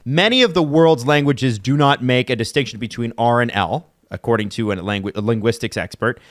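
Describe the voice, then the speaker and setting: A man's voice: mid-range voice, a little fast, no echo. Chatty man, dry close sound. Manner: reads aloud from an article, chatty. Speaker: podcast host. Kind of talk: casual podcast chat.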